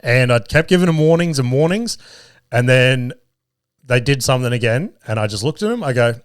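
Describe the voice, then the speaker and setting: A man's voice: medium pitch, expressive, a little fast, clear, resonant tone, dry recording, clean studio sound. An Australian man in his thirties, hosting a podcast and telling family stories in a casual, sweary way, laughing often. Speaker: podcast host. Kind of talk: casual storytelling chat.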